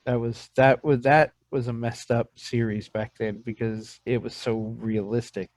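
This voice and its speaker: A man's voice: medium pitch, a little slow, no echo. A man in his fifties hosting a podcast, telling stories in casual chat and acting out quotes. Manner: animated storyteller, acts out quotes. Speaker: podcast host.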